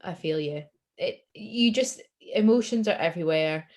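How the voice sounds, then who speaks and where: A woman with a slightly low voice talks openly as a podcast guest. She is self-deprecating and laughs easily. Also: moderate pace, darkish tone. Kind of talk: casual chat.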